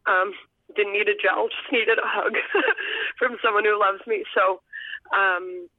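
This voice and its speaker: A young woman who teaches elementary school tells a personal story as a guest over the phone, earnest and heartfelt, sometimes choking up. Her mid-range voice is steady and slow. The tinny phone line sounds dry, with no echo.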